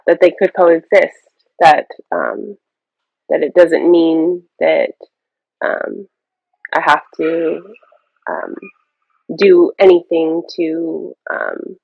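Woman, mother, coaching client, slow, gravelly, halting and thoughtful. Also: sits low, no room sound, dull audio. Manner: halting, thoughtful, many pauses. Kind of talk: hesitant conversation.

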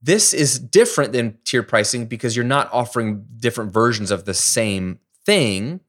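A middle-aged man from the United States hosting a solo podcast, explaining ideas in a lively, conversational way with everyday examples. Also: mid-range voice, moderate pace. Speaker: podcast host. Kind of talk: casual solo podcast teaching.

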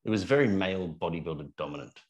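A man with a New Zealand accent co-hosting a podcast, chatting casually with dry, deadpan humor. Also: sits low, fast. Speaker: podcast co-host, fitness coach. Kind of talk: casual chat.

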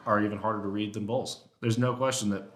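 A man guesting on a podcast, chatting casually and telling hunting stories with lively, animated delivery. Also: quick pace. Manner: animated storyteller who acts out elk talk in a high voice. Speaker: guest elk hunter and caller.

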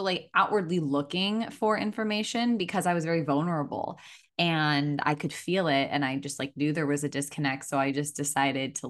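A woman in her thirties hosting a podcast, casual and affirming, with many filler words. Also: low voice. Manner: warm affirming listener, lots of "like" and "mm-hmm". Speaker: podcast host.

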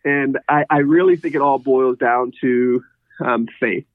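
A man's voice: mid-range voice, a little slow, no echo. A man being interviewed, telling his story in a rambling, casual way and laughing often. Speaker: guest, horse trainer. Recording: tinny phone-like line.

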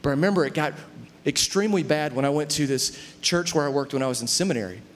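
A man's voice: fairly high pitch, fast talker, long reverb tail. A middle-aged man preaching a conversational sermon, often stopping to ask whether the listeners follow. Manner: conversational preaching, often asks "do you see?". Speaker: pastor.

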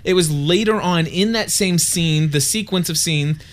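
A male podcast co-host chats in a playful, rambling way, keeping his voice fairly high. He trips over his words and restarts his sentences often, in a relaxed, casual back-and-forth. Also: moderate pace. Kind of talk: casual chat.

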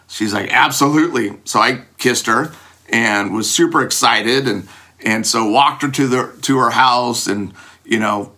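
A man with a bright, forceful voice recounts an embarrassing story about himself. He talks in an animated, self-mocking way and leaps far up in pitch whenever he acts out a line. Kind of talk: personal anecdote told to an audience.

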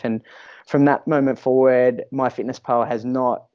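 Man, podcast guest, earnest, mellow dark voice, stumbles and repeats words, slightly muffled audio. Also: medium pitch, steady tone, normal speed. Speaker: podcast guest, fitness professional. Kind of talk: candid conversational storytelling.

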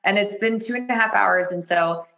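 A woman guest on a podcast, an energy healer telling a personal story in casual chat, animated and laughing often as she acts out what people said. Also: mid-range voice, normal speed, gravelly, low-quality recording. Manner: animated, laughs often, jumps into quoted voices.

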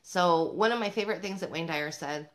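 Speaking briskly in a voice on the low side, a parenting vlogger talks straight to other mothers through the camera. Her motivational message is upbeat and emphatic, punctuated by laughter between points.

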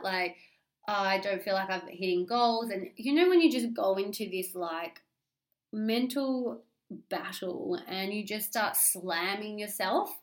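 A woman's voice: medium pitch, a little slow. Candid Australian woman, confessional monologue. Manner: open, confessional, swears freely; animated, rambling with restarts. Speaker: podcast host. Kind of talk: candid solo podcast monologue.

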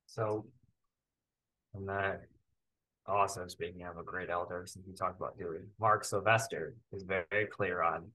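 A man speaking as a guest in a podcast interview, measured and unhurried. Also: deep voice, steady tone, bright, forceful tone, rough recording. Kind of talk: conversational interview.

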